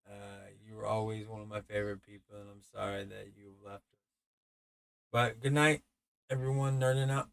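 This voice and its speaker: A thirtysomething man on his own podcast tells rambling, foul-mouthed stories, stammering and restarting a lot. His voice sits on the low side, gravelly yet fairly bright, clear and resonant, with a steady tone at normal speed and no echo.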